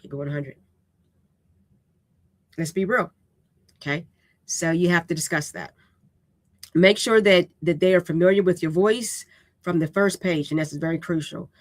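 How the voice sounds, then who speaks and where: A woman's voice: lowish voice, moderate pace, long pauses, no echo. A woman hosting a live-streamed writing lesson, talking in a casual, direct and unapologetically raw way, often checking in with "okay?". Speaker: writing instructor and host.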